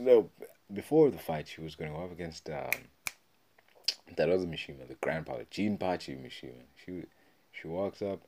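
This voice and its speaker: A man hosting a solo podcast, rambling and swearing as he excitedly retells old video game memories. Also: low-pitched. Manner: rambling, profane, excited storytelling. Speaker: podcast host. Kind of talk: casual solo podcast talk.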